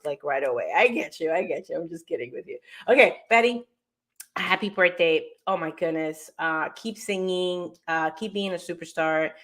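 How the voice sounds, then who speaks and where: Female host from New York, upbeat and self-deprecating, loose chatty delivery. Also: medium pitch. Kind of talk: casual live show chat.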